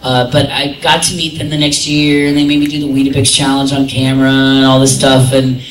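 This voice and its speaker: A man who is a convention guest, telling lively stories at a panel, laughing often and mimicking voices. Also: mid-range voice, brisk. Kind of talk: casual storytelling at a convention panel. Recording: echoey room, somewhat distant, faint noise.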